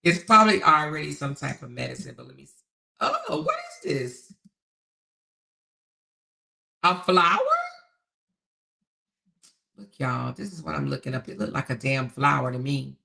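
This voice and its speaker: This livestream host has an extremely low, creaky voice, pushed and bright, speaking briskly but pausing often. She casually reads viewer comments aloud, chatting, repeating herself and laughing a lot.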